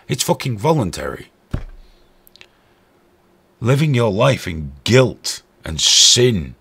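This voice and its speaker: A man's voice: medium pitch, creaky, fairly bright tone, husky. A man hosting a stream with angry, profane, sarcastic ranting commentary. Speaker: host.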